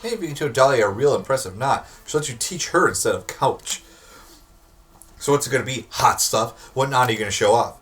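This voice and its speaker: A man's voice: medium pitch, animated, a little fast, fairly bright tone. A young man hosting a let's play, reading game text aloud with playful, dry asides. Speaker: host, game narrator.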